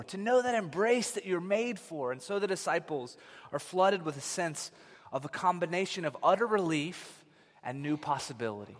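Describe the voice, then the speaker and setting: A man in his thirties preaching a sermon, telling stories in an animated way that swings from loud to hushed. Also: high-pitched, moderate pace. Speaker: pastor. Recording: long reverb of a large hall.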